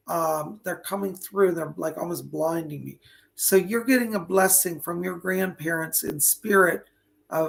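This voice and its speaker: A man's voice: on the high side, vocal fry, a bit bright. A man hosting a live online psychic reading, talking chattily, greeting viewers by name, and losing his voice.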